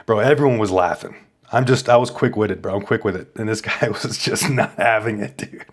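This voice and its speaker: A man's voice: lowish voice, a little fast. Boastful, profane male streamer. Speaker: streamer host. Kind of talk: casual storytelling.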